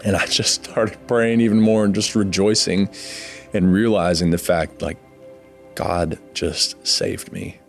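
A man with a very deep, gravelly voice recounts his personal testimony. He speaks earnestly and emotionally, halting often, with soft music under him. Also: fairly even intonation. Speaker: guest sharing his testimony.

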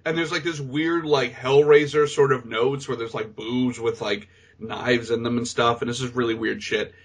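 A man's voice: medium pitch, steady tone, normal speed. A man co-hosting a podcast who animatedly recaps a film, laughing often and acting out the characters. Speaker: podcast co-host. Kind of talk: casual movie recap chat.

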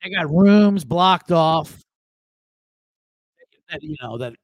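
A man's voice: on the high side, slow, dry recording, low-quality recording. A man hosting a sports betting show, ranting comically with lots of swearing and mimicking relatives. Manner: profane, animated, mimics family members. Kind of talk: comedic live-stream rant.

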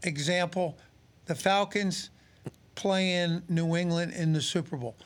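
A man in his sixties with a noticeably high voice talks football in a relaxed studio chat. He is a former pro player turned radio analyst, and he tells his stories with lively acted-out quotes. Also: takes it slowly, clean tone. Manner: animated storyteller, acts out quotes. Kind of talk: casual sports talk.

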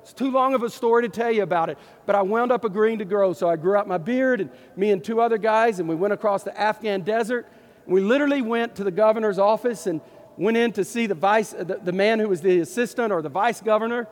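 A middle-aged man, a Baptist pastor from East Texas with a Texan accent, telling a story in a folksy, animated sermon. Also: high-pitched, quick pace. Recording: long hall reverb.

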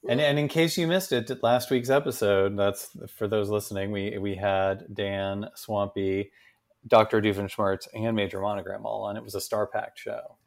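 A man co-hosting a relaxed podcast, running through entertainment updates. He keeps the tone playful and teasing. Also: lowish voice, normal speed, vocal fry. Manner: playful, jokey news delivery. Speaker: podcast co-host. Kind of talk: casual chat.

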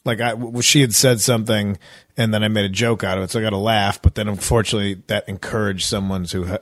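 A comedian and podcast co-host telling tour stories in a casual chat, rambling and stop-start, with quick put-on voices. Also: male voice, on the low side, steady tone, no room sound, studio quality. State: nursing tendonitis, ice packs on.

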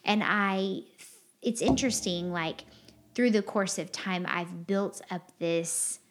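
Speaking slowly in a medium pitch, this female podcast host opens up about her feelings. It's a candid, confessional chat: earnest and heartfelt, wandering from point to point and packed with filler words.

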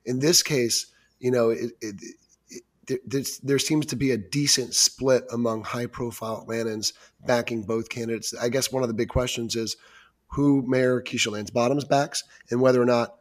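A man's voice: medium pitch, steady tone, normal speed. A man hosting a news podcast, leading a conversational discussion with lots of fillers and restarts. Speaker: podcast host.

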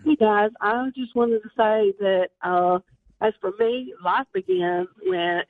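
A woman's voice: on the high side, expressive, slow, no room sound. Woman caller, heartfelt, tinny phone line, dry. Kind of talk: phone-in call.

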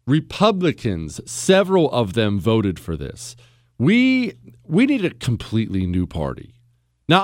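Animated, joking male talk radio host. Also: a little high, no room sound, studio quality. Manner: joking, sarcastic asides. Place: radio studio. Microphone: studio microphone.

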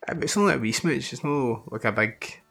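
A man's voice: mid-range voice, animated, fairly quick, gravelly, sharp tone, soft background music. A Scottish man co-hosting a podcast, chiming in with teasing jokes. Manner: jokey, teasing. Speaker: podcast co-host. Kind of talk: casual film-review chat.

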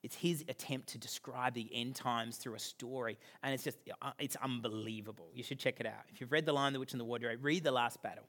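A man, preaching a sermon as pastor, swinging from loud emphasis down to a near-whisper. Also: mid-range voice, fairly even intonation, fairly quick, few pauses.

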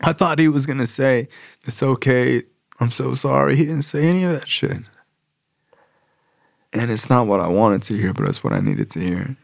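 A man's voice: mid-range voice, big pitch swings, moderate pace, vocal fry, pauses often, dry recording, clean studio sound. A man casually telling his recovery story, slangy and profane, full of "like" and "bro".

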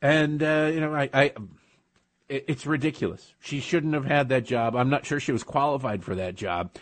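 A man co-hosting a talk radio show, delivering sarcastic, deadpan jokes and heated rants. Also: medium pitch, moderate pace. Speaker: radio co-host. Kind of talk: casual talk radio banter.

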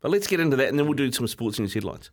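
A man with a New Zealand accent co-hosting morning radio, telling stories in a relaxed way with lots of fillers. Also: medium pitch, racing, over loud music. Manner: relaxed storyteller, many fillers, laughs easily. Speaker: radio co-host. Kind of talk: casual morning radio chat.

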